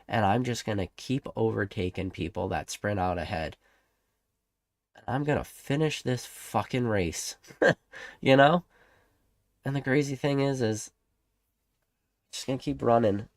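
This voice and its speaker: A man's voice: fairly low pitch, dry recording. Rambling man hosting a dry-sounding livestream. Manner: rambling, repeats rhetorical questions, swears; reads chat aloud and greets viewers. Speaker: livestream host. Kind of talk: casual livestream rant.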